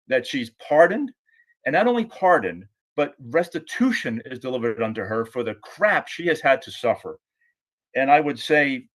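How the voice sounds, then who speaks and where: A man's voice: medium pitch, fairly bright tone. Earnest, emphatic man on a call. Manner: earnest, emphatic, frequent restarts. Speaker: guest speaker; podcast co-host. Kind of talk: impassioned call remarks.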